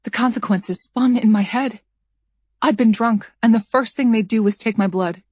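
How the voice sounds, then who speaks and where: A woman's voice: a little high, moderate pace, a little mellow, breathy edge, no room sound. Woman narrating a thriller, dry and dull. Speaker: audiobook narrator. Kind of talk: scripted first-person thriller narration. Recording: dry, slightly dull studio read.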